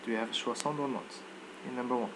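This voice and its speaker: A man's voice: medium pitch, fairly even intonation, quick pace, background noise. A man teaching a live online English lesson, checking students' answers by name and modeling pronunciation.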